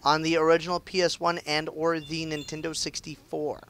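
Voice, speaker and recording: A man's voice: a little high, little pitch movement, normal speed, a bit bright, slight background noise. A young man chatting loosely through live gameplay commentary, with lots of fillers and restarts. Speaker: game streamer.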